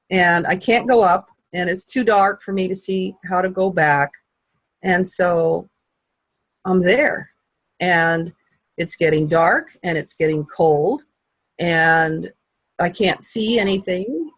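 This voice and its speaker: A woman tells a personal story over a video call, halting and heartfelt, with long pauses. Her voice is husky and has a gravelly edge, and she sounds tearful. The sound is dry and close. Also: lowish voice, dry recording, poor audio.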